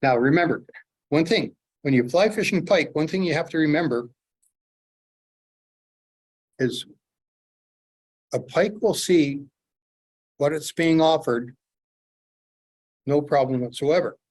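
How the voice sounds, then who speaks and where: Animated storytelling man tying flies. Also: a little high, a little slow, pauses often. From Canada. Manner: animated storyteller, acts out his own excitement. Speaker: fly tier, presenter. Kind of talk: storytelling fly-tying demonstration.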